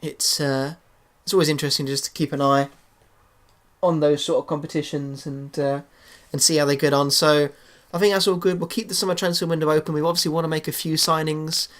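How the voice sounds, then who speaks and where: A man's voice: a little high, steady tone, a little fast. A young man giving casual, hesitant commentary on his football game, full of fillers and restarts. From England. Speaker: gaming YouTuber.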